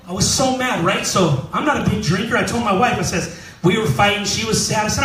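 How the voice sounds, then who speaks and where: A man's voice: sits high, brisk, fairly bright tone, soft background music. A man in his thirties from California, a pastor telling his story in a casual, joking sermon. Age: 30s. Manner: casual storytelling, jokes with the congregation. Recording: roomy hall mic from a distance.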